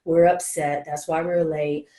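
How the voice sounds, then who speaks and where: A woman's voice: low-pitched, level tone, normal speed, mellow, roomy sound. A woman co-hosting a casual chat, telling an emotional personal story and quoting others. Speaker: co-host.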